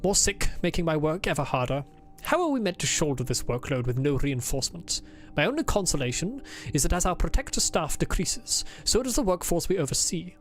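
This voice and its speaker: A woman's voice: low-pitched, sing-song, fairly quick, faint music behind. A woman voicing a pompous, insufferable male officer as she reads his game diary aloud in a stiff, formal put-on accent.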